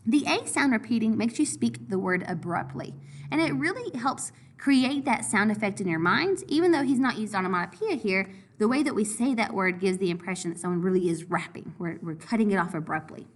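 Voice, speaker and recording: Woman teacher with a lively voice. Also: medium pitch, brisk. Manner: explanatory, clear step-by-step teaching. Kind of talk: recorded lesson review.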